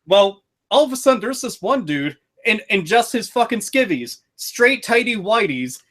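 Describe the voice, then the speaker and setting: High-voiced man, excitable and profane. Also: normal speed. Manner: profane, excitable storytelling with frequent swearing. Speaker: podcast host reviewing a video game. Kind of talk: casual podcast chat.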